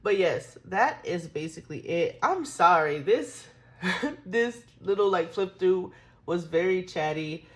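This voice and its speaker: A young woman with a low voice talks her way through a planner flip-through. She rambles and laughs often, and turns emotional as she goes. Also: lively intonation, unhurried. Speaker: planner vlogger.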